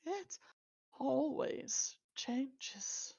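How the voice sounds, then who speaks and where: A woman's voice: a little high, extremely slow, creaky, full character voice. A woman voicing a stiff, formal male shopkeeper with many eyes who talks like a mechanical toy. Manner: flat, mechanical, formal speech.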